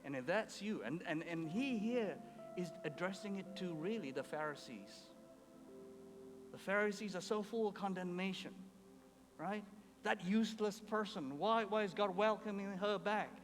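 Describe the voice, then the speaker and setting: A man's voice: sits high, moderate pace, over music. A man preaching a sermon, telling a story with emphasis and acting out the quoted characters. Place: church hall. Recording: reverberant hall, faint ambience.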